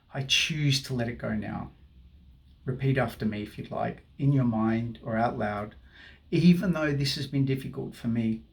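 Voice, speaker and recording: A man's voice: medium pitch, vocal fry. A man guiding viewers through a tapping session, speaking affirmations for them to repeat. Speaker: tapping guide.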